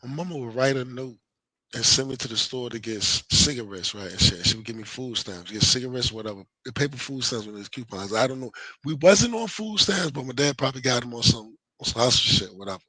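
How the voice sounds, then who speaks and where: A man's voice: medium pitch, lively intonation, fast, sharp tone, no echo, low-quality recording. A man co-hosting a casual talk show, talking emphatically in slang and repeating himself for effect. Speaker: podcast co-host. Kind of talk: casual chat.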